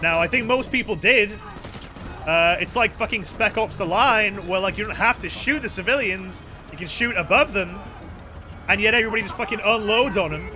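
A man's voice: sits high, moderate pace, bright, forceful tone, soft background music. A young man streaming a video game with rambling, joking, profane commentary. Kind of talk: casual gameplay commentary.

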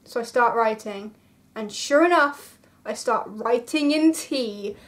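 A young woman with a high voice tells a story for her vlog. She is casual and animated, building suspense with dramatic asides and exclamations. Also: takes it slowly. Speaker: vlogger.

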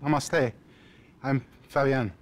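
An actor playing a serene, smug male yoga instructor in a video game cutscene, speaking in a soft, breezy, preachy way. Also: mid-range voice, fairly even intonation, takes it slowly, natural voice.

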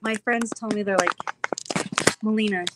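A woman's voice: on the high side, expressive, a little slow, very noisy. A woman chatting casually with viewers on a live stream from her phone, bubbly and effusive, often slipping into a little kid voice.

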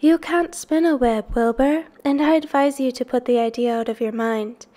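A clever, patient female spider from a storybook who sets things out calmly and precisely. Her voice is a little high, knowing and kindly, as a woman reads her aloud. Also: normal speed, natural voice.

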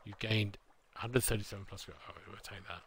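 A man's voice: fairly low pitch, fairly even intonation, normal speed, a little hiss or hum. A man hosting a gameplay video, reading game text aloud with self-deprecating, muttered asides. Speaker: let's play host.

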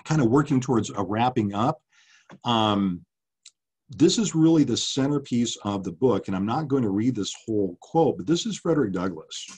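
A man's voice: medium pitch, expressive, normal speed, darkish tone, breathy edge. A middle-aged man giving a passionate public lecture as an author, earnest and full of ums and uhs.

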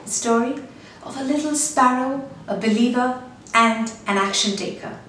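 A woman narrating a fable and an appeal in an earnest, measured storytelling way. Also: on the high side, noisy background. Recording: very echoey, distant, with faint music.

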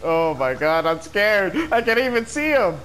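A man hosting a casual gameplay session, swearing, laughing and shouting in panic. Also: high voice, big pitch swings, a little slow, rough recording. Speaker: gaming channel host.

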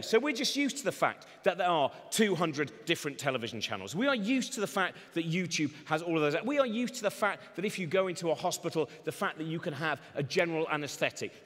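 A man's voice: a little high, very animated, fast talker, few pauses, a bit bright. A man doing a comedy talk on stage, rambling energetically with sardonic asides. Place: large event hall. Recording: long reverb of a large hall.

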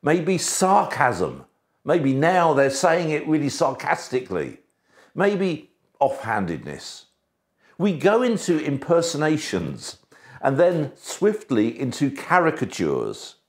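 A man delivers a church sermon with a fairly high, strongly varied voice. He leans into key words, sinking low and quiet before rising again for emphasis. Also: huge pitch swings, slow. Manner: emphatic, shifts between soft and raised delivery. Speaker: preacher.

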